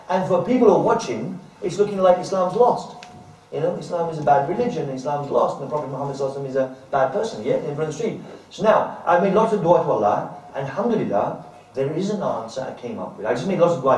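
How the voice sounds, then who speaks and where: Male lecturer, animated storytelling and questions to the class, heard from afar in a very reverberant room. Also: fairly high pitch. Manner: animated, acts out the shouting crowd, frequent "right?" and "okay?". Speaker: teacher leading a dawah class. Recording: very echoey room, distant voice.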